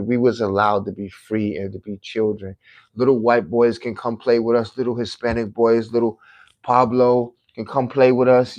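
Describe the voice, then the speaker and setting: A man with a New York accent talking casually on a livestream, preachy and heated, going from low murmurs to loud rants. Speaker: livestream host. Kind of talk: casual livestream monologue reading chat.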